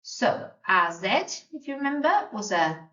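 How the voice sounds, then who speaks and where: A woman's voice: medium pitch, animated, moderate pace, bright, forceful tone. A woman teaching a beginner language lesson, patiently sounding out and spelling words. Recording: roomy, distant, dull lo-fi sound.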